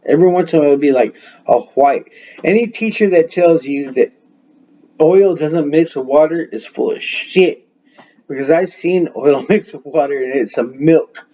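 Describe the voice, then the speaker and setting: A man with a fairly high, mellow voice speaks at a moderate pace while hosting a casual podcast, recorded on a webcam mic with dull audio. He tells rambling stories, laughing and swearing freely as he goes.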